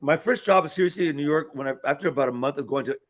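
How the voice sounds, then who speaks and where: A man's voice: a little high, quick pace. A man in his sixties, a talk show guest telling long rambling anecdotes with many fillers and restarts, acting out the voices of the people in his stories. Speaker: guest performer. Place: restaurant, live broadcast.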